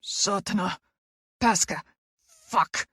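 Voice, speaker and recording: A brooding, proud male hockey player from an audiobook, answering in short, gruff, clipped lines, played by a woman narrator. His voice sits a little low and is recorded dry and close. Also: slow, pushed and bright, dry recording, heavily acted. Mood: curt defiant. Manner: curt, gruff, clipped refusals. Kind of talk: audiobook character voice.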